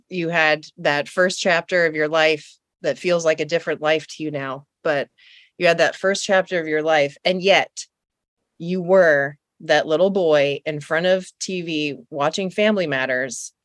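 A woman's voice: sits low, steady tone, a little slow, no room sound, clean studio sound. A woman in her forties hosting an interview, reflecting back and affirming her guest's story. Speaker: host. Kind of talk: interview conversation.

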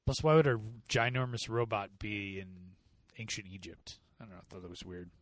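A man's voice: fairly low pitch, brisk, no room sound. An American man co-hosting a podcast, chatting casually and sarcastically about a movie and mocking bad accents. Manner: sarcastic, mocks accents in loud bursts. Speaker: podcast co-host. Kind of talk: casual movie review chat.

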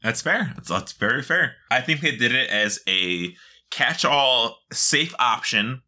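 A man's voice: mid-range voice, animated, unhurried, bright, forceful tone. A man co-hosting a casual gaming chat, blunt and joking, swearing freely. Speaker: podcast co-host.

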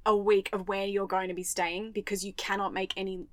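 An Australian woman co-hosting a podcast, telling a travel story in lively detail and acting out the voices she quotes. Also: mid-range voice, brisk, dry recording. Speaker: podcast co-host. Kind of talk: casual chat, storytelling.

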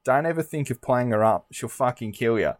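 A man's voice: medium pitch, animated, brisk, dry recording, lightly acted. A British podcast host putting on an Australian accent to play a blunt man repeating a warning, swearing loosely. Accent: put-on Australian.

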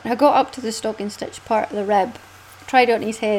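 A Scottish woman hosting a casual knitting podcast, chatty and quick to laugh, often swooping up in pitch. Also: steady tone, a little hiss or hum, low-quality recording. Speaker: podcast host.

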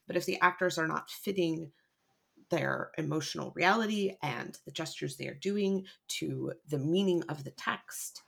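A woman's voice: sits low, moderate pace, creaky, a bit bright. A woman drama teacher talking in a casual podcast discussion, emphatic and storytelling with lots of fillers. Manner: acts out quoted people.

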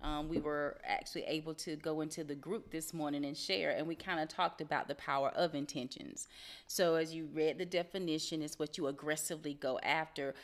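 A woman co-hosting a late-night motivational live stream, speaking calmly and backing her partner with short affirmations. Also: low voice, a little fast. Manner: calm, affirming, adds short agreements.

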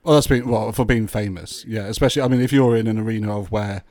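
Brief: man, lowish voice, easygoing podcast co-host, dry close mic. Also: fast, no echo. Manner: relaxed, reads listener questions, swears casually. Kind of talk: casual chat.

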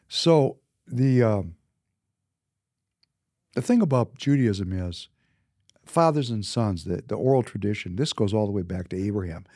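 A businessman in his fifties from Minnesota, United States, shares personal stories in a relaxed monologue. His fairly low, warm voice is emphatic, and he often repeats words to stress a point. The studio-quality recording is dry.

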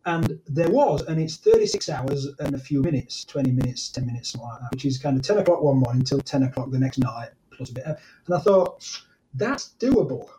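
A man's voice: medium pitch, big pitch swings, brisk, dark tone, poor audio. A man from Sheffield in the north of England, a podcast guest chatting casually and telling stories with many restarts. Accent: Sheffield English. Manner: rambling, self-correcting storyteller. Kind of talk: casual interview chat.

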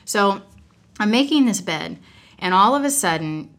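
Appearing as a guest on a podcast, a mother of several kids shares a personal story, rambling candidly and laughing often. Her mid-range voice is animated and a bit bright, with a measured pace.

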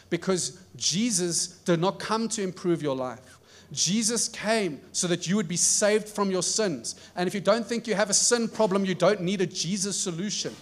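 An earnest male preacher delivers a sermon with emphasis and rhetorical questions. His voice sits fairly high for a man.

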